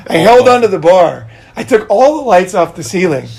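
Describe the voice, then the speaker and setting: A middle-aged man with a somewhat high speaking voice, telling stories in casual conversation. He is animated, laughs often and drops the odd curse word. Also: normal speed, vocal fry. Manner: animated, laughing storyteller who swears casually. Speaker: podcast host.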